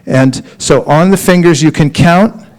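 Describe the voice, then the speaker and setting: A man giving a lively, humorous devotional talk at a temple and leading group chanting. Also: a little high, measured pace, poor audio. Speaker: spiritual teacher.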